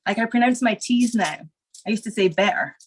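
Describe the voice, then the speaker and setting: A woman from Scotland with a Scottish accent that has gone partly American, chatting as a guest in a rambling, relaxed way full of fillers, stoned. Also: fairly high pitch, fairly quick, slightly rough. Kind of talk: casual stoner chat.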